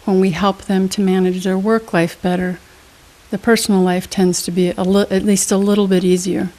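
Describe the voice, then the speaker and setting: A warm, mid-range female voice moves at a moderate pace with little change in pitch. The speaker, a motivational trainer interviewed in a studio, answers emphatically in a teaching style and asks quiz-like questions.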